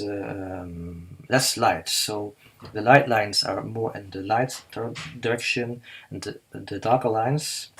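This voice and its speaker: Halting, husky-voiced man teaching drawing. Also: fairly low pitch, a bit bright, rough recording. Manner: halting, many fillers and restarts, slow and careful. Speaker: artist teaching live drawing. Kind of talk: live drawing demonstration.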